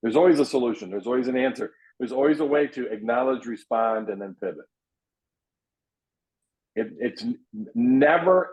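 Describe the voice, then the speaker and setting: A man's voice: moderate pace, a little mellow. A man coaching real estate agents in an earnest, emphatic way, restarting his sentences often and acting out lines of client dialogue. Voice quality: low voice, frequent repeated restarts. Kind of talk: coaching talk. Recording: dull lo-fi audio.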